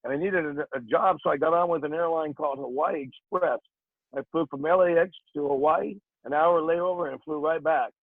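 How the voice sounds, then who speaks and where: Older man, comedian guest, jokey storyteller, high voice for a man, phone-like sound. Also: brisk, creaky, dry recording. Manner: jokey, breaks into put-on voices. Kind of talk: storytelling in a casual interview. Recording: tinny phone-like line.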